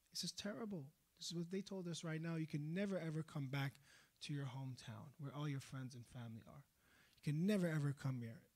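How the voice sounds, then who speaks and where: A man's voice: on the high side, a little mellow. A man preaching a sermon in a mosque, telling a story with passion and asking the congregation rhetorical questions.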